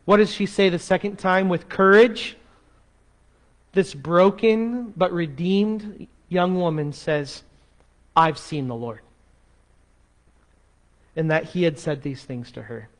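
A man preaching a sermon as pastor, expressive, dropping to a soft slow voice to make a point. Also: high voice.

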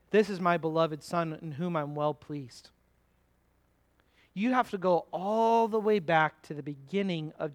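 A pastor with a fairly high voice delivers a sermon to his congregation. He talks in an easy, conversational way, puts questions to the room, and slows down to lean on words from scripture.

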